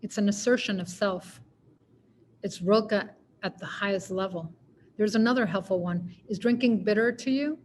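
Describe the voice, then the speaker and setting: A woman's voice: medium pitch, moderate pace, slight background noise. A woman poet giving a poetry reading, narrating in a wry, conversational way. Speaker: poet reading her work.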